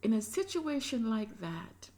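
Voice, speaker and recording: A woman giving emotional reaction commentary, impassioned, moving between loud emphasis and soft whispery asides. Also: on the high side, very animated, a little slow. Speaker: reaction video creator.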